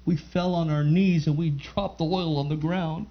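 A man's voice: a little high, fairly even intonation, moderate pace, few pauses. A man giving a fervent church testimony, telling his story and rising into emphatic praise before a live gathering. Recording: muffled lo-fi recording.

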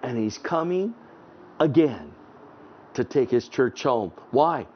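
A man preaching an online sermon outdoors, fervent, swinging between raised exclamations and hushed low tones, reading scripture aloud with emphasis. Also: animated, slow pace. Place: outdoors in front of a house at sunset. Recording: dull lo-fi recording.

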